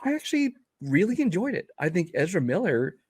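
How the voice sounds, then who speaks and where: A man's voice: high-pitched, big pitch swings, fairly quick, darkish tone, husky, no echo. A man co-hosting a casual movie review podcast, speaking in an easygoing, hesitant way with frequent fillers and restarts. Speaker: podcast co-host.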